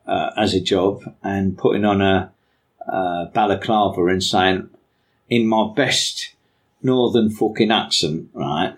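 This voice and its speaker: Lower-voiced chatty man. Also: slow. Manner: chatty, self-mocking. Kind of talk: casual storytelling.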